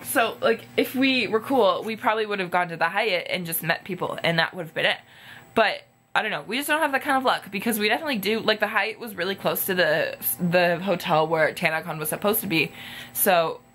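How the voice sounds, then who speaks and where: A woman in her twenties telling a storytime vlog in casual chat, full of "like" fillers. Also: a little fast. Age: 20s. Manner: chatty, heavy use of "like", quotes people in higher animated voices. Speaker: vlogger.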